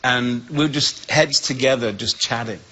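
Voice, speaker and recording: A man with an English accent, a guest speaker telling a humorous personal story with lively voices for the people in it. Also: medium pitch, normal speed, low-quality recording. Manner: lively storyteller who acts out the voices in his tale.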